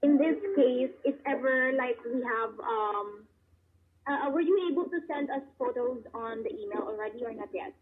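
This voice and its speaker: A woman's voice: on the high side, moderate pace, breathy edge. Hesitant woman agent on a tinny phone line. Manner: polite, hesitant, with fillers. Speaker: customer service agent.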